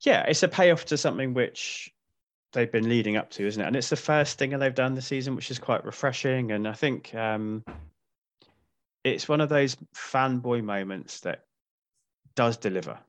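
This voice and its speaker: A man guest on a podcast in a casual chat, weighing his points in a measured way. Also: medium pitch.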